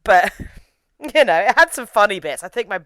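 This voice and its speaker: A woman's voice: mid-range voice, big pitch swings, moderate pace, a bit bright, no room sound. A woman chatting casually about a film she reviews, giggling and slipping into mocking impressions. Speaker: podcast co-host reviewing a film. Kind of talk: casual chat.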